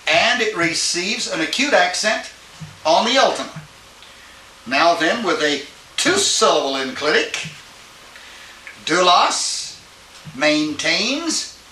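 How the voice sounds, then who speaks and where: An older man with a high-sitting, bright, forceful voice gives a classroom lecture on Greek grammar. He is patient, checking in with his students by asking "all right?" as he goes. The old tape sounds roomy and distant, with hiss.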